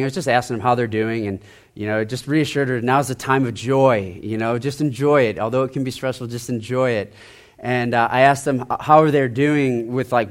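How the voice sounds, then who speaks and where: A male pastor preaching in a loose, conversational way. He keeps repeating his phrases and sinks into a quiet, soft-spoken emphasis on his key points. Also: lowish voice. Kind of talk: sermon.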